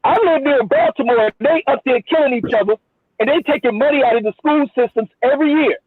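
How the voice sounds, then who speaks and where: Man, caller, insistent, repeats himself, husky, dry sound. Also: very high-pitched, lively intonation, quick pace, dry recording. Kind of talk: heated debate. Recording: tinny phone line.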